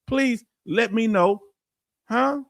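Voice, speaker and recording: A man's voice: extremely high pitch, slow, vocal fry, no echo, studio quality. A man with a Southern Texan accent hosting a casual livestream, blunt and straight-talking as he speaks to his viewers. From Houston, Texas. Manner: blunt, straight-talking, addresses chat directly. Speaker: livestream host.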